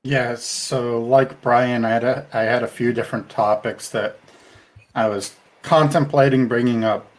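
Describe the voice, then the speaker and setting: Middle-aged guy on a podcast, slow and thoughtful, keeps restarting his sentences. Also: mid-range voice, steady tone. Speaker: podcast co-host. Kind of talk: casual podcast discussion.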